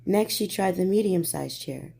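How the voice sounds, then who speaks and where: A woman reads a bedtime story in a gentle, soothing way. Her voice is mellow and warm, set a little low. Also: normal speed, vocal fry, breathy edge.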